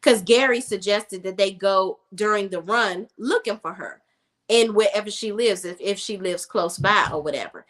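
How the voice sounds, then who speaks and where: A woman's voice: mid-range voice, normal speed, a bit bright. A young woman recapping a TV episode in a casual, sassy, emphatic way, repeating words for emphasis. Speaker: TV show reviewer.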